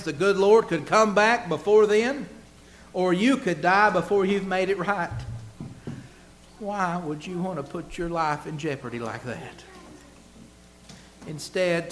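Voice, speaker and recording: A man preaching with a voice pitched a little above most men's. He drives his points hard, rising and swelling on key words, then drops to a quiet aside. A faint hiss sits under the recording. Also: a little slow. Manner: emphatic, rhetorical questions, swings between loud and hushed. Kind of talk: sermon.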